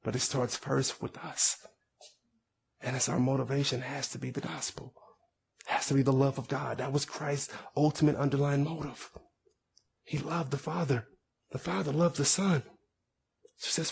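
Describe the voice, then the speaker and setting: High-voiced preaching man, rising and falling. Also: normal speed, gravelly, breathy edge. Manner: preaching with sweeping rises and drops in pitch and volume. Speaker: pastor. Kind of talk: sermon.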